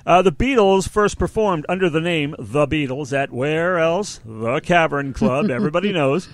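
A man's voice: fairly high pitch, animated, normal speed, no room sound. A man in his sixties hosting a casual podcast chat, rambling and laughing at his own asides. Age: 60s. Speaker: podcast host.

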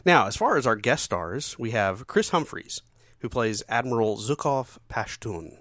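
A man's voice: mid-range voice, very animated, a little slow, a bit bright, dry recording, studio quality. A man co-hosting a podcast, jokey and reading out trivia in casual chat. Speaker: podcast co-host.

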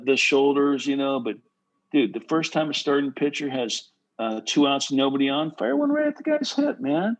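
A man who played pro baseball giving casual, animated advice to pitchers, full of "bro" and "right?". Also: rough recording. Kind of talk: casual coaching talk.

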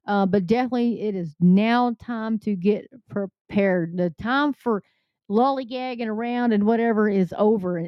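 A woman's voice: fairly high pitch, smooth, no echo. Woman host, middle-aged, earnest and urgent, reading news and warning her listeners, dry close mic. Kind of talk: news commentary monologue. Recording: slightly dull lo-fi sound.

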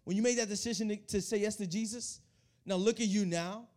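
In a church hall, a young youth pastor delivers an energetic sermon directly to his congregation, speaking a little fast. His voice is mellow and warm with a fairly high pitch, and he often repeats words as he builds each point.

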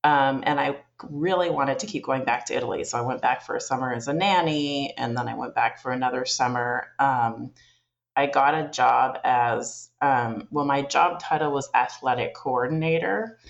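A woman's voice: extremely low pitch, moderate pace, vocal fry, highs cut off. A Canadian woman chatting in an interview, rambling through stories with lots of fillers and restarts. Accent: Canadian English. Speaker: interview guest. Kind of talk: casual storytelling interview.

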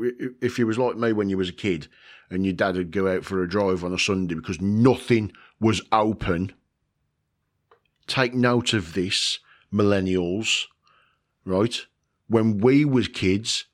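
A man, chatting casually in a rambling way, with chuckles, swearing and lots of fillers. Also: fairly low pitch. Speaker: vlogger. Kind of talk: casual chat.

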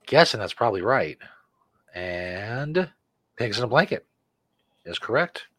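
A man co-hosting a casual podcast, reading trivia questions in a relaxed way. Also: fairly low pitch, unhurried, no room sound. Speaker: podcast co-host.

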